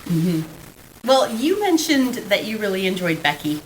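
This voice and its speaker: A woman's voice: medium pitch, sing-song, measured pace, a little hiss or hum, low-quality recording. A middle-aged woman co-hosting a podcast, chatting casually about an old film, laughing often and restarting her sentences. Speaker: podcast co-host.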